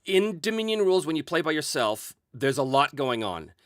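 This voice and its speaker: A man's voice: fairly high pitch, very animated, moderate pace, no echo, studio quality. A man hosting a solo tabletop role-play show, chatting casually as he reads out and answers viewer comments, chuckling often and using many fillers. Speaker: solo RPG show host answering chat.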